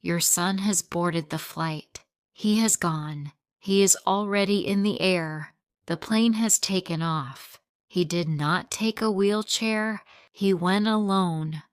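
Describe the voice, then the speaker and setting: A woman voicing a kind police officer in an audiobook story, speaking gently, slowly and plainly. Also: lowish voice, clear, resonant tone, dry recording, studio quality. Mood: gentle. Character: kind middle-aged male police officer.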